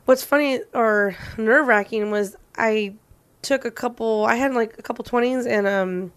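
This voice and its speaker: Female co-host, slightly high pitch, playful, rambling, filler-heavy casual talk. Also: normal speed, smooth. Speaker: podcast co-host. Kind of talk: casual chat.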